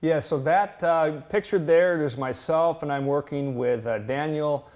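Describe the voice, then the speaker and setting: A man who is a university fish physiologist, explaining his work plainly and at a measured pace in an interview, with many fillers. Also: a little high, darkish tone.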